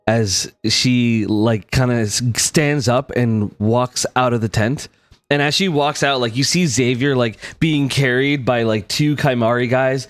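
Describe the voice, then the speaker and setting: A man's voice: mid-range voice, takes it slowly, no room sound, faint music behind. A young man narrating a tabletop game as game master, loose and full of fillers.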